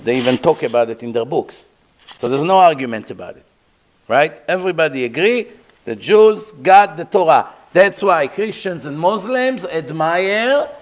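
A man teaching a religious lesson, telling stories in an animated way with simple, plain phrasing. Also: on the high side. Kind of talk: sermon-style teaching.

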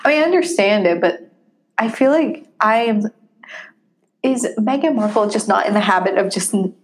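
A woman's voice: medium pitch, animated. A woman chatting casually about a movie with a co-host, laughing often. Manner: laughs often, quick asides.

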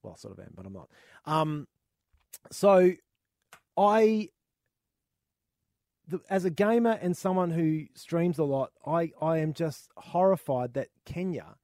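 A man's voice: fairly high pitch, lively intonation, a little slow, pauses often, a little mellow, no echo, clean studio sound. An Australian man co-hosting a gaming podcast, chatting casually and ranting with plenty of swearing. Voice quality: swears freely, exasperated ranting. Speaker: podcast co-host. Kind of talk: casual chat.

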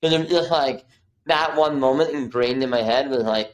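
A man's voice: mid-range voice, moderate pace, low-quality recording. A man in his thirties, a podcast guest and videographer, telling a story casually and acting out the quotes, with many "like" fillers.

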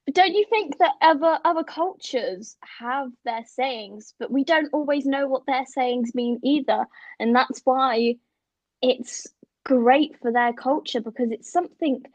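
A woman's voice: sits high, unhurried, dry recording. A woman co-hosting a podcast in casual chat, giggly and teasing. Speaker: podcast co-host.

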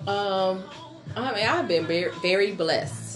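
A woman's voice: mid-range voice, measured pace. A woman co-hosting a casual faith podcast, laughing often and stumbling over her words. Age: adult. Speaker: podcast co-host. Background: music.

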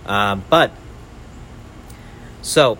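Low-voiced young man telling stories casually. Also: extremely slow, bright, forceful tone, slight background noise. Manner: rambling, peppered with "like" and "right?". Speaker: podcast host. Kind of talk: casual storytelling.

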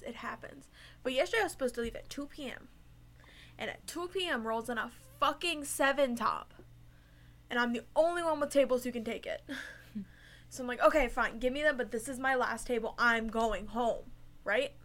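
A woman's voice: fairly high pitch, a bit bright. A young woman who works as a server, telling a story in a profane, emphatic way during a casual chat. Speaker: restaurant server.

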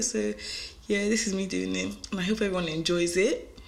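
A woman's voice: mid-range voice, brisk. A young woman hosting her own podcast, chatting casually in a rambling, laughing way. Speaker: podcast host.

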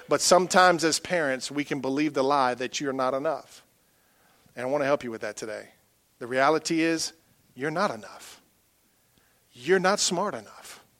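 A middle-aged pastor preaching a sermon, folksy, moving from quiet asides to loud rousing calls. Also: male voice, a little high, no echo.

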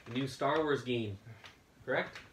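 A man's voice: mid-range voice, measured pace, a bit bright, echoey room, a little hiss or hum. Easygoing young man hosting a podcast. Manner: easygoing, curious, asks questions. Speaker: podcast host. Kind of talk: casual chat.

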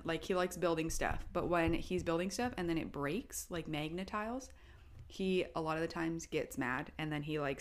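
A young woman with a fairly low voice chats casually about parenting. She rambles warmly through stories and jumps up in pitch when she quotes herself or her toddler. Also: a little hiss or hum. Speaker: podcast co-host.

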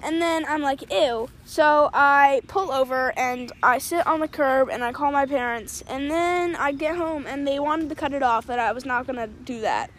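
A woman's voice: sits high, normal speed, hardly any pauses, fairly bright tone, slight background noise. A young woman telling a story in a casual chat, blunt and offhand, swearing now and then. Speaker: co-host.

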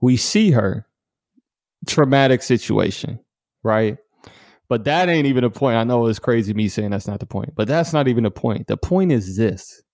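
A man's voice: medium pitch, lively intonation, moderate pace, darkish tone, dry recording, clean studio sound. A man, the guest author in a podcast interview, telling personal stories earnestly and emphatically, repeating words for stress and laughing often between points. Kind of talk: conversational storytelling interview.

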